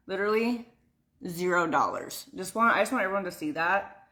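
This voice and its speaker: A woman's voice: medium pitch, a little fast, a bit bright. A young woman talking casually on a live stream from home, blunt and swearing freely as she answers her viewers by name. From United States. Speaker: vlogger answering live chat.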